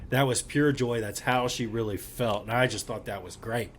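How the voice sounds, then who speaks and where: Middle-aged male co-host, earnest and emphatic, reflective, mid-pitched voice. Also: normal speed, a little hiss or hum. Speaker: podcast co-host. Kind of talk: casual opinionated chat.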